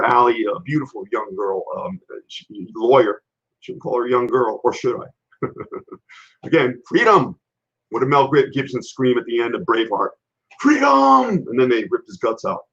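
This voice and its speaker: A man hosting a casual live-stream health show, telling blunt, rambling stories. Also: medium pitch. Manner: rambling, animated, blunt storytelling. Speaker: health and fitness show host. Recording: dull lo-fi live-stream audio.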